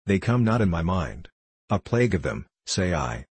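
A man's voice: low-pitched, sing-song, normal speed, breathy edge, no room sound, heavily acted. A man reading the part of a bold young forester who speaks bluntly and boastfully in archaic words.

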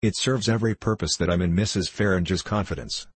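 A man's voice: sits low, fairly quick, slightly rough, no echo. A man reading the part of a spirited, stubborn older governess who speaks firmly and earnestly. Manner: firm, earnest. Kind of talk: audiobook reading.

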